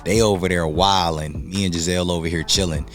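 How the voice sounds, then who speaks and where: Animated slangy man telling a story. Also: deep voice, a little fast. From North Carolina. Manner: animated, slangy, acts out other people's lines. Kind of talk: casual storytelling vlog.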